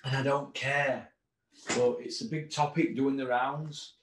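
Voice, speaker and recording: A middle-aged boxing commentator hosts a casual, ranting monologue in a mid-range, fairly bright, steady voice at an unhurried pace. He fills it with sarcastic, mocking rhetorical questions, and the recording has a roomy echo with slight background noise.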